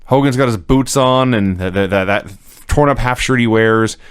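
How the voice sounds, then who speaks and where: A man co-hosting a podcast, recapping with wry, deadpan jokes and frequent chuckles. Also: medium pitch, normal speed, smooth, dry recording, studio quality. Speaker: podcast co-host recapping wrestling. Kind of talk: casual podcast chat.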